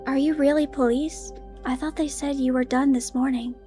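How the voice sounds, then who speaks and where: Creepy twin girls in a flat monotone, fairly high, read by a woman. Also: normal speed, over music, natural voice. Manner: plain monotone voice.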